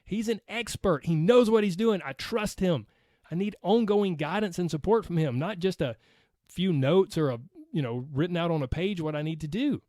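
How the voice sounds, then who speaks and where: A man's voice: sits high, animated, moderate pace, darkish tone, dry recording, studio quality. A man with a Southern accent hosting a solo podcast as a weight loss coach, talking in an earnest, motivational way and often checking in with "right?".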